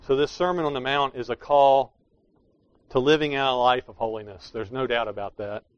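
A male pastor delivers a sermon, stressing key words with emphatic, explanatory force. His voice sits at an ordinary middle pitch. The recording is dry and slightly dull, with no room echo. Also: steady tone, fairly quick.

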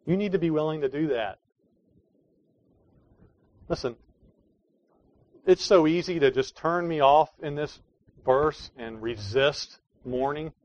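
A man preaching a sermon as pastor, earnest, moving between quiet pleading and emphatic declarations. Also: a little high, slow pace, long pauses. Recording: dry, dull lo-fi sound.

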